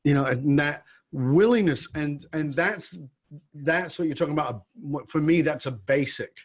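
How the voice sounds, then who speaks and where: Reflective male podcast host, slightly high voice. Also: normal speed, husky. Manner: reflective, builds to emphatic questioning. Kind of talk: conversational interview.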